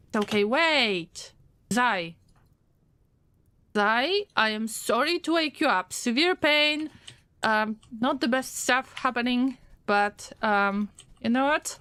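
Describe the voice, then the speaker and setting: A woman streamer giving gameplay commentary, fretting out loud and talking straight to her colonists as if they could hear her. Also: a little high, no echo. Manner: frets aloud and talks to her colonists. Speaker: game streamer.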